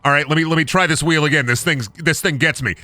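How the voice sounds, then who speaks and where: A man's voice: a little high, quick pace, pushed and bright, no room sound. A young man streaming a game, rambling through goofy jokes, swearing, and chatting with his audience. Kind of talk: casual game-stream commentary.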